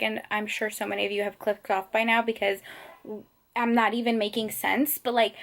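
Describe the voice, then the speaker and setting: Young woman crying thru a book review vlog, kinda high voice, rambly and repeating herself. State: tearful, crying. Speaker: book vlogger. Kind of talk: emotional reading vlog. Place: at home, indoors.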